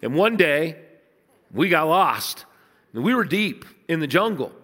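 A man preaching a sermon, telling stories in a conversational way and dropping low and soft to stress points. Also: sing-song, unhurried, breathy edge, in a large hall. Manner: storytelling, conversational, dips low and soft for emphasis. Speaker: pastor.

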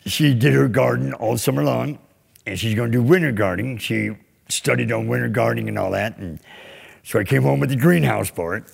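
A man with a deeply gravelly, husky voice tells his story in plain, folksy terms. He speaks casually at a middling pitch, a guest sharing his testimony. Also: brisk.

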